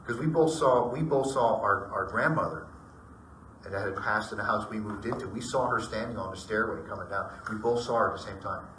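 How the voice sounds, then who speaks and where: A middle-aged man spins rambling ghost stories for a group, bringing each remembered exchange to life as he goes. His voice comes across bright and forceful. He is picked up from some distance in an echoey room, with a faint hum of ambience behind him. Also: lowish voice, brisk. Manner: rambling, animated retelling with acted-out dialogue. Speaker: storyteller. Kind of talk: casual personal ghost story told to a group.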